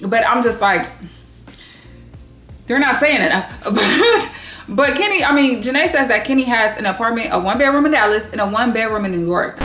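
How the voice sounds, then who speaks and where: A woman's voice: on the high side, normal speed. Woman doing a reality tv recap, swears a lot, echoey room with faint music under it. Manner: blunt, swears freely, animated asides. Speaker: recap vlogger.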